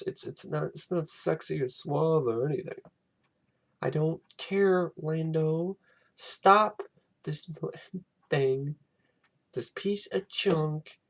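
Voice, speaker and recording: A young man giving a casual, exasperated film commentary, animated and swearing freely. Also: on the high side, vocal fry. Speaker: film reviewer.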